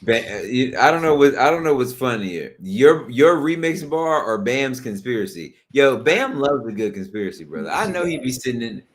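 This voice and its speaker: A man's voice: medium pitch, sing-song, moderate pace, hardly any pauses, a little hiss or hum. A man hosting a podcast in casual chat, joking and riffing.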